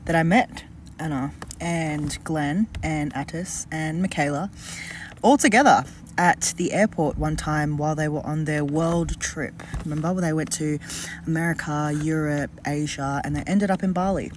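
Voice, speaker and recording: A woman casually recounting a story in a chatty, gossipy way, sometimes lowering her voice. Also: a little slow, slight background noise. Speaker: commentator. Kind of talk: casual commentary.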